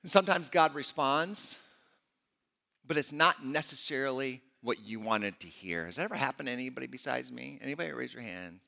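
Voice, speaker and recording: A man preaching a sermon to a congregation, animated and conversational, acting out scripture dialogues. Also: mid-range voice, fairly quick, creaky, big-room sound. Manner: animated preaching, voicing prophet and God in dialogue. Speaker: pastor.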